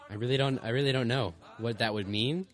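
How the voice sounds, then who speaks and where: A young man hosting a college radio show in the studio, trading teasing back-and-forth with a co-host. He talks in a mid-pitched voice, stops and restarts often, and fills gaps with "uh" while faint music plays underneath. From United States. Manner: playful, teasing, halting with many fillers. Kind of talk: casual radio banter.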